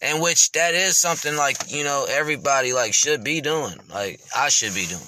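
A man's voice: mid-range voice, normal speed, bright, forceful tone, a little hiss or hum. A man hosting his podcast, speaking candidly and reflectively, rambling with lots of fillers and casual swearing. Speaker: podcast host.

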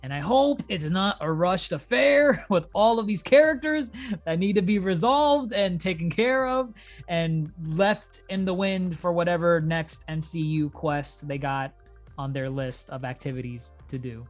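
A man's voice: high voice, unhurried, soft background music. A man hosting a casual podcast, chatting loosely and laughing often as he wraps up the episode. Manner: laughing, loose and animated sign-off. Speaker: podcast host.

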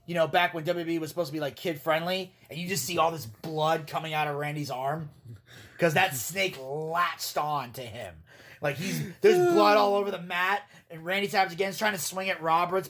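A man's voice: a little high, fairly bright tone. Guy telling a loose rambly story on his podcast, swears a lot, laughs along. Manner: rambling, profane, laughs while telling stories. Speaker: podcast host. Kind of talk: casual storytelling recap.

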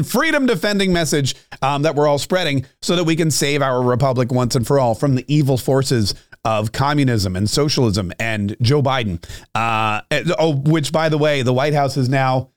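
A man's voice: mid-range voice, normal speed, clean tone, no room sound, studio quality. A man hosting his own political podcast, rambling with joking, self-mocking asides and frequent restarts. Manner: restarts and trails off often. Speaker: podcast host.

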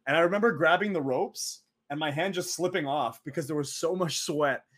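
Animated young man telling stories. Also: fairly high pitch, a little fast. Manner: animated, acts out quoted voices, laughs often. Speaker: interview guest, former wrestler. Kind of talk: casual storytelling.

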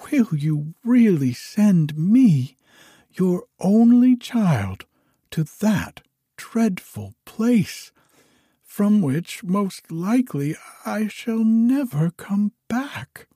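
A man's voice: high-pitched, big pitch swings, extremely slow, dark tone, slightly rough, dry recording, clean studio sound, pitched above the performer's own voice, full character voice. A man voicing a frightened young princess in a storybook reading, with a raised, pleading, sobbing voice.

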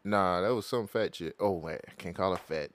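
A man's voice: sits low, a little fast. A man co-hosting a podcast on a close studio mic, joking and playfully mock-serious in casual chat. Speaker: podcast co-host.

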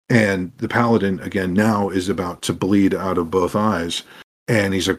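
A man telling animated stories as a podcast guest about running tabletop games, acting out what his players said. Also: sits low, moderate pace. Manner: animated, acts out quoted players. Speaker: podcast guest, game master. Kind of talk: anecdotal interview storytelling.

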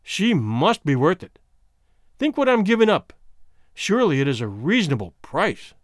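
A calm, scheming husband who soothes and mocks at once, as a man reading a story puts him on. His pitch sits slightly high and moves a lot. The sound is close and dry, like a storybook reading. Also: normal speed, dry recording. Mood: smooth mocking. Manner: soothing, ironic. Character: calm scheming husband, smooth, mocking and mercenary. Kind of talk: audiobook character voice.

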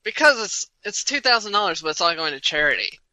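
Bright-voiced blunt man. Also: sits high, sing-song, quick pace, no room sound, lo-fi sound. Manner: blunt, dismissive. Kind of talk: casual chat.

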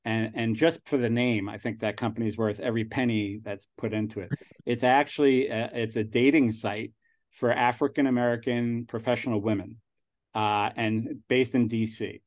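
A man's voice: mid-range voice, fairly even intonation, normal speed. A man in his sixties with a New York accent, a guest talking casually in an interview and rambling with frequent restarts. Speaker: angel investor guest.

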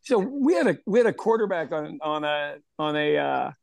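A man's voice: a little high, very animated, normal speed, gravelly, no echo. A man co-hosting a podcast in casual chat, rambling and repeating words, laughing often. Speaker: podcast co-host.

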